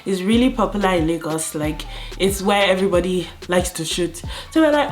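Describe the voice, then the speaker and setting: A young Nigerian woman with a Nigerian accent tells a story to camera in a casual, animated way, mimicking other people's voices as she goes. Faint music plays softly in the background. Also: fairly quick. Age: young adult. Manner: animated, acts out police voices in higher pitch. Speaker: vlogger.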